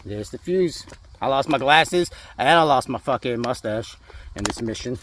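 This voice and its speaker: A man's voice: expressive, normal speed, fairly bright tone, a little hiss or hum. A man narrating his airsoft mission outdoors in casual, rambling talk full of swearing and jokes, often dropping to a whisper. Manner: swears constantly, rambling and joking; often drops to a low whisper. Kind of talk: casual profane game narration. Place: outdoors in woods.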